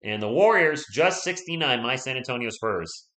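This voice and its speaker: A man hosting a live stream, giving casual play-by-play commentary, chatty and excitable, and talking straight to his viewers. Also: medium pitch, moderate pace. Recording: echoey room.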